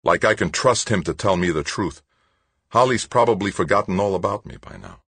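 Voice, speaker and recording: A man's voice: low voice, a little fast, a bit bright, slightly rough, no room sound, pitched above the performer's own voice, exaggerated voice. A man voicing a resentful, frustrated male worker who grumbles and mutters to himself. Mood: grumbling.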